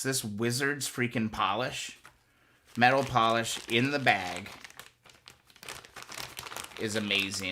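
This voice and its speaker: A man's voice: mid-range voice, background noise. A man hosting a live stream, chatting casually and coaching viewers step by step through a hands-on task. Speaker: host of a motorcycle restoration live stream.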